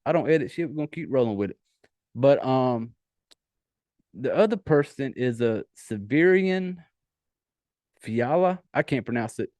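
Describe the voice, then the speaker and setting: With a Southern accent and a slightly mellow, medium-pitched voice, this podcast host rambles casually on his own, tossing in profane asides. He keeps a measured pace with lively intonation and frequent pauses, in studio-quality audio with no room sound.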